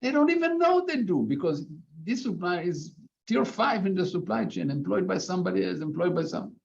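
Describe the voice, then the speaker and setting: A man's voice: high-pitched, big pitch swings, fairly quick, vocal fry. A man on a panel making emphatic points and repeating words as he builds an argument. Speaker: panel guest. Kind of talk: panel discussion. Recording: dull remote audio with faint noise.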